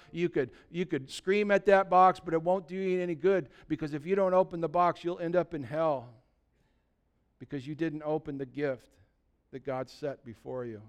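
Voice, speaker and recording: A man preaching a sermon as pastor, impassioned and rising to loud, emphatic peaks. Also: on the high side, smooth.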